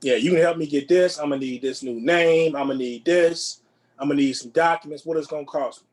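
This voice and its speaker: A man with a slightly raised pitch chats loosely as a podcast co-host. He rambles, doubling back on words and restarting sentences in an easygoing way. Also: quick pace. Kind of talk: casual chat.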